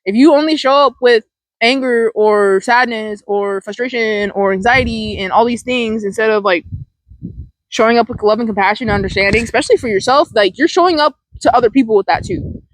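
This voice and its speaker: A woman's voice: a little high, fairly quick, no echo, rough recording. A woman hosting a mindfulness talk, speaking in a loose, rambling way with lots of "like" and the odd swear word. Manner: rambling, full of "like" fillers and casual swearing. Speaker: mindfulness podcast host. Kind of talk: casual motivational talk.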